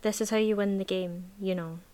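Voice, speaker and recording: A woman reading a novel aloud in a measured, even voice, then chatting casually about the book. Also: medium pitch. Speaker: book reviewer.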